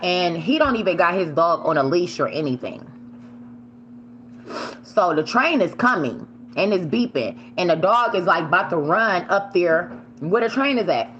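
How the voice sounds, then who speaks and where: A woman vlogger tells a story over dinner in a loose, animated way, swearing as she goes. Her pitch swings freely and jumps up sharply when she acts out her own shouting. The recording is slightly dull, with a faint hum underneath. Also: normal speed. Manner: animated, shrieks quoted lines, swears freely. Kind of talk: casual storytelling while eating on camera.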